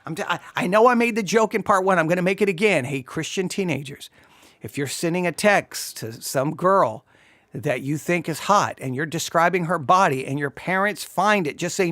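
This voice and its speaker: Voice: mid-range voice, moderate pace, fairly bright tone, no echo. A commentator reviewing a sermon in a sarcastic, incredulous way, often close to laughing. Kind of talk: mocking commentary.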